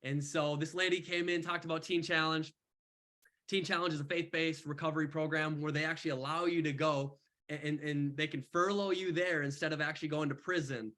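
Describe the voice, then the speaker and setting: A young man mentoring on an online call, telling his story in casual, animated talk full of slang. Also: fairly high pitch, fairly quick. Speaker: mentor speaker.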